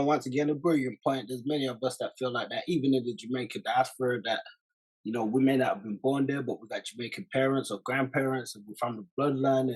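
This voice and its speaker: A man hosting a podcast, talking through a clip in a measured, reflective way and addressing his viewers directly. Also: medium pitch, breathy edge, low-quality recording. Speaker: podcast host reacting to a clip. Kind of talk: casual commentary.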